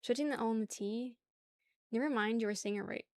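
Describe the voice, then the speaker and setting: A young woman chats casually on her livestream, sliding from one topic to the next, laughing and cursing freely. Her voice sits a little high. The sound is dry and close, with no room around it. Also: fairly quick, no room sound. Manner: chatty, swears casually, laughs often. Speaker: livestream host. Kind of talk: casual chat with chat.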